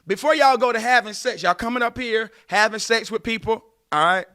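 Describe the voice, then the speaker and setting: Speaking a little fast in a high, clean-toned voice, this late-30s podcast host gets animated and preachy as he hands out dating advice. He talks directly to his listeners in a casual monologue.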